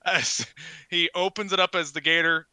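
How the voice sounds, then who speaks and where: A man narrating a tabletop game as game master, rowdy and laughing, shouting his characters' lines. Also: fairly high pitch, fairly even intonation, moderate pace, smooth, no echo.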